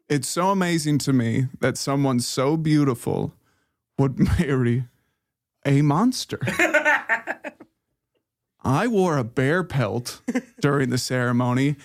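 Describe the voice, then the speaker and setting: A man's voice: mid-range voice, animated, takes it slowly, pauses often. A man playing a bumbling best man giving a wedding toast, his delivery fumbling and corny. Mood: mock-sincere. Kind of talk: comedic wedding toast bit.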